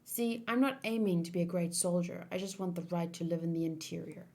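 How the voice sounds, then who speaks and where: A woman's voice: lowish voice, fairly even intonation, a little fast, dark tone, close to an everyday voice. Woman voicing a cocky young male trainee, blunt, self-serving, manga read-along. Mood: smug.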